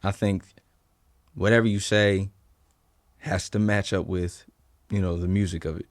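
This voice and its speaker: A young man with a deep voice and a slight Southern drawl speaks in a relaxed, easygoing way. The sound is dry and close. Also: unhurried, no room sound. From Delaware, USA. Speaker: musician guest. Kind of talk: casual interview answers.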